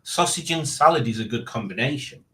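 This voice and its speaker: A man's voice: mid-range voice, expressive, a little fast, bright, forceful tone, a little hiss or hum. A man in his late forties hosting a casual live stream, rambling and reading out chat with self-mocking asides. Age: 40s.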